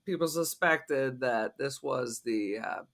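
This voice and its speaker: A man's voice: medium pitch, slow pace, creaky, a bit bright. A man co-hosting a podcast in casual chat, blunt and swearing freely, laughing often. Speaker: podcast co-host.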